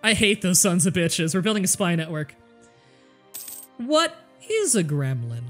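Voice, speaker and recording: A woman's voice: fairly low pitch, big pitch swings, measured pace. A woman streaming a strategy game, joking, swearing freely and thinking aloud, with faint music behind. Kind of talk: casual gameplay livestream commentary.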